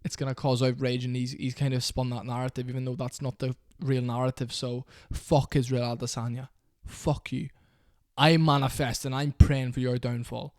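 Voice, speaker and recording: A man's voice: mid-range voice, little pitch movement, moderate pace, no room sound, studio quality. A young man in an angry, profane rant to camera about a fighter. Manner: heated, profane, repetitive. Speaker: MMA commentator.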